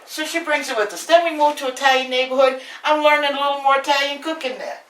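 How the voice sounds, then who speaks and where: A woman's voice: high voice, fast, a bit bright, a little hiss or hum. A woman with a New York accent, from Brooklyn, talking through a home cooking demonstration in a chatty, brash storytelling way. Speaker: home cook host. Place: home kitchen, indoors. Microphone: camera mic filmed from across the kitchen. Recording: echoey kitchen, distant camera mic.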